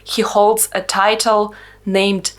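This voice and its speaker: A woman's voice: mid-range voice, flat delivery, slow pace. A young woman from Russia with a Russian accent, narrating a travel vlog in a chatty, lightly humorous, explanatory way. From Russia (Perm). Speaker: travel vlogger.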